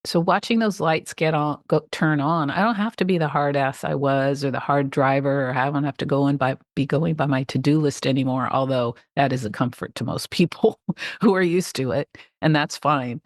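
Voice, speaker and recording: A woman's voice: rumbling low, moderate pace, no echo, clean studio sound. A middle-aged woman, a life coach guest, talking enthusiastically and a bit rambling about clients facing change. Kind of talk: casual interview chat.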